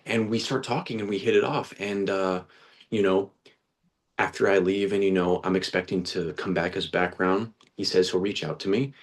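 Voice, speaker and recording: A man's voice: sits low, fairly even intonation, normal speed. A young man, a guest actor, telling his story in a casual interview, earnest and chatty, with lots of restarts and slang like "dude". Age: young adult.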